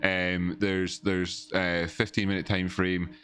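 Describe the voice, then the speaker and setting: A man's voice: sits low, little pitch movement, slow pace, a bit bright. A man, rambling through casual live-stream chart analysis from home, repeating words and chatting with viewers. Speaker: livestream market analyst.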